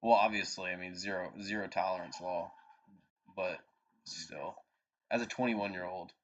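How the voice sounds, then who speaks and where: Profane, low-voiced man telling stories. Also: moderate pace. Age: 20s. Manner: profane, animated anecdote-telling. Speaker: podcast co-host. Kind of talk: casual storytelling chat. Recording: dull lo-fi podcast audio.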